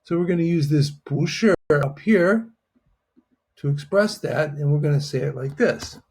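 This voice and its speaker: A man's voice: fairly high pitch, lively intonation, a little slow, a little mellow, husky. A man teaching a Chinese lesson in a patient, explanatory way, often checking in with "right?". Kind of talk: online language lesson.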